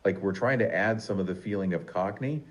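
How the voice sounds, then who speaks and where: A man's voice: sits low, brisk. A synthetic man's voice co-hosting a podcast-style chat, eager and affirming, often thanking the listener. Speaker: AI podcast co-host.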